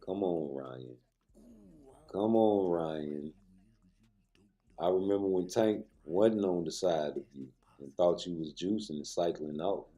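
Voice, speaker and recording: A man's voice: sits low, moderate pace, few pauses, mellow, breathy edge. A man ranting in slangy commentary on his vlog, tagging "man" onto nearly every phrase. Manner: heated slangy rant, ends phrases with "man". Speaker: vlogger and personal trainer.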